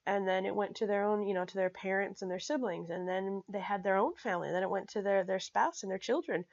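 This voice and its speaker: An energetic woman teaching personal finance in a casual talk to camera, checking in often with her listeners and making her points bluntly. Her voice sits at a middle pitch and comes through a slightly dull, lo-fi recording. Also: quick pace, vocal fry. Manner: energetic, frequent "okay?" check-ins, blunt and emphatic.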